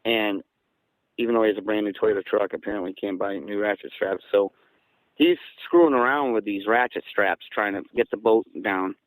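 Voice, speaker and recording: A man from southeastern Massachusetts, a guest casually recounting events in an animated way and acting out the dialogue. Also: fairly low pitch, brisk, dry recording, poor audio. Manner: animated, acts out quoted dialogue. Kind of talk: casual storytelling.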